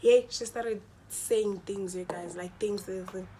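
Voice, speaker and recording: A woman's voice: medium pitch, measured pace, a little hiss or hum. A young woman with a South African Xhosa accent, casually telling a personal story to her channel and acting out other people's lines. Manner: animated, switches into quoted voices and mixes in Xhosa.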